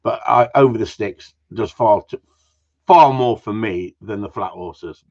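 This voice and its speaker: This man's voice is lowish, a little slow and darkish, heard through muffled lo-fi audio. Running a casual live-stream Q and A, he's jokey and rambling, cursing freely and tacking questions onto what he says.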